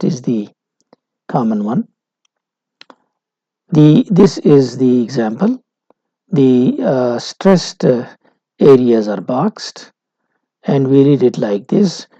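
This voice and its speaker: A male lecturer, explaining slowly and deliberately, with frequent "uh" pauses. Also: medium pitch, warm tone, slightly rough, no room sound. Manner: measured, explanatory, frequent "uh" fillers. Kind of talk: recorded university lecture. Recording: dull lo-fi recording.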